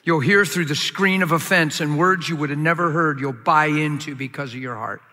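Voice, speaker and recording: A man preaching a sermon as a pastor, emphatic and given to sudden high, excited bursts. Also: normal speed, big-room sound.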